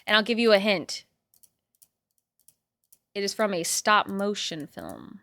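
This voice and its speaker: Bright, chatty young woman streamer. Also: medium pitch, huge pitch swings, takes it slowly, gravelly, no room sound. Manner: talks to herself and to chat, swears, swings loud. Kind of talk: casual chat.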